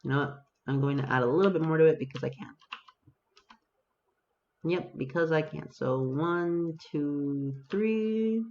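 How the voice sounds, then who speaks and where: Male gaming vlogger, wry self-deprecating chatter, slightly high voice, dull home-mic sound. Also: a little fast, gravelly, pauses often, a little mellow. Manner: self-mocking, talks to himself and viewers. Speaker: gaming video host. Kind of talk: casual gameplay commentary.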